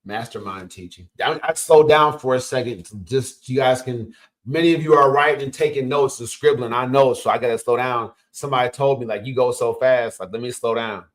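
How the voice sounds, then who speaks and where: A man's voice: medium pitch, fairly quick. A man, a coach and host giving an emphatic, casual motivational talk. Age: 50s. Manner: energetic, emphatic, punchy interjections.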